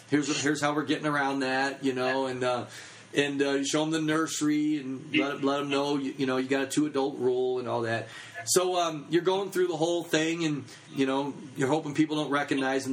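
A man's voice: mid-range voice, slight background noise, low-quality recording. A man in his thirties giving a casual teaching talk on children's ministry, chatty and full of fillers.

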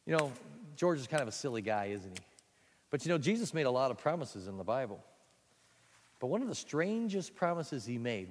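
A man telling a playful children's story to fellow teachers, animated and building up moments for effect. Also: medium pitch, big-room sound.

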